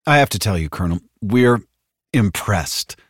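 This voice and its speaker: A man voicing a slick, overconfident corporate spokesman with a smooth news-anchor cadence. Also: on the low side, sing-song, moderate pace, no echo, studio quality, voice pushed up. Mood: hearty.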